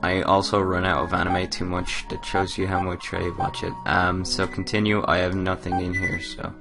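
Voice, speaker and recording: A man's voice: deep voice, completely flat delivery, moderate pace, creaky. A man casually commenting on a horror game he plays, rambling with lots of ums and giggles, into a desk microphone. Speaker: let's play gamer. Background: faint game music.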